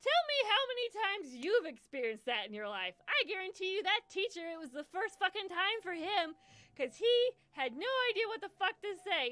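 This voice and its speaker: With an extremely high, pushed and bright voice, a young charity livestream host laughs and swears her way through a casual story. Lofi hip hop music plays in the background, and there's no echo.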